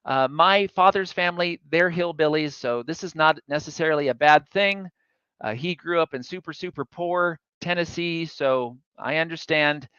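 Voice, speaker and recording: A man tells a chatty, self-deprecating story during a public talk. His voice is bright and smooth, and a little higher than most men's. The sound is dry and slightly dull. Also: moderate pace, no room sound. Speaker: guest speaker.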